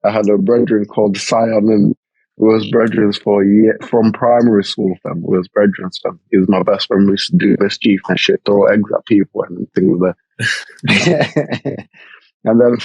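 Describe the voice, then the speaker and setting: A man's voice: lowish voice, fairly even intonation, moderate pace, a little mellow, husky, no echo, poor audio. A young man, co-hosting a podcast over a remote call, telling stories in a laid-back, slangy way. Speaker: podcast co-host. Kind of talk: casual chat.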